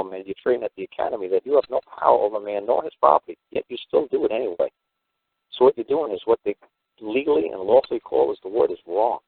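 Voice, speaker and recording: A man's voice: lowish voice, gravelly, breathy edge, no room sound. A man from the United States, hosting a talk radio show, telling rambling stories in a blunt, profane way. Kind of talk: casual talk radio monologue. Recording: tinny phone-line radio audio.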